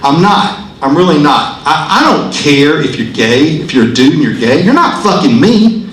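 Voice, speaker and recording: A man's voice: on the high side, lively intonation, moderate pace, a bit bright, slight background noise. A man in his sixties doing a stand-up comedy set in a club, rambling, profane and self-mocking, working the crowd. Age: 60s. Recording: echoey club room.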